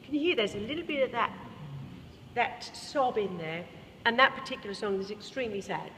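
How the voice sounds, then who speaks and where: High-voiced Australian woman coaching a choir. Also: expressive, a little fast, bright, forceful tone. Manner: demonstrates by singing, explains voice technique. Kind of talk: singing workshop teaching. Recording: reverberant hall, faint room noise.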